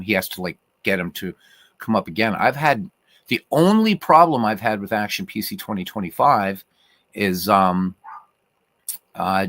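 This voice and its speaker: A man's voice: fairly low pitch, a bit bright, no room sound. A man from Ireland hosting a casual livestream, rambling through viewer comments with fillers, restarts and swearing. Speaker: livestream host.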